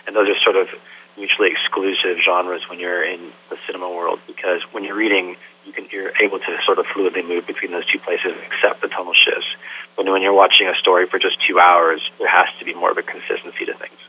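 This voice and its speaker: A man's voice: low-pitched, flat delivery, brisk. A man, a film director, answering interview questions thoughtfully and loosely, with lots of "sort of" and "like". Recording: tinny phone-like line with faint hum.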